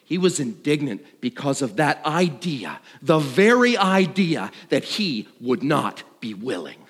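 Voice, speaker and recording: A middle-aged man preaching a sermon, swinging between loud and hushed. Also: fairly high pitch, measured pace, slightly rough. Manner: animated, dramatic shifts between loud and hushed. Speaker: pastor. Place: church sanctuary. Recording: long reverb of a large hall.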